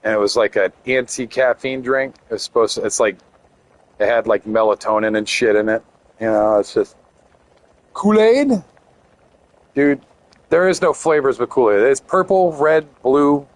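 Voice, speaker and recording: A man's voice: medium pitch, moderate pace. Young male streamer; loose, rambling, jokey chat with viewers. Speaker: game streamer. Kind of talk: casual live-stream chat while playing.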